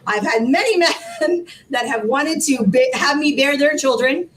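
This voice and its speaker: A woman in her forties, a guest telling her personal story with animated laughter and emotion. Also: unhurried, far from the mic, poor audio. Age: 40s. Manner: animated, laughing, rising into high exclaims. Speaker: guest, foundation founder.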